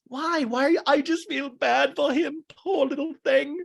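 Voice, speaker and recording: A man's voice: very high voice, fairly even intonation, a little slow, creaky, pitched above the performer's own voice, full character voice. A man voicing an emotional young male DJ, whiny and overwrought.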